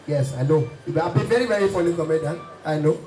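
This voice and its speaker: A man with a Nigerian accent doing stand-up comedy at a party, lively and playful, switching into many voices. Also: on the high side, quick pace, a little hiss or hum. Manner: lively, does many voices and sing-song bits. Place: event hall. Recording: echoey hall from far off, music behind.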